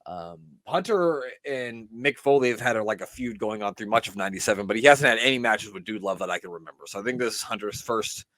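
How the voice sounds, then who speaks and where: Relaxed rambling man hosting a podcast. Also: fairly low pitch, fast, hardly any pauses, no echo. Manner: relaxed, rambling, laughs often. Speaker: podcast host. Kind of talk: casual podcast chat.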